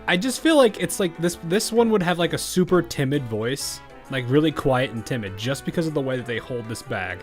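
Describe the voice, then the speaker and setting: A male game streamer chatting casually over his playthrough, rambling, restarting sentences and breaking into laughter. His pitch rises and falls with lively swings. Quiet game music runs beneath his voice. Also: fairly quick, few pauses. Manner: rambling, laughs often, many restarts and fillers. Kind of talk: casual gameplay commentary.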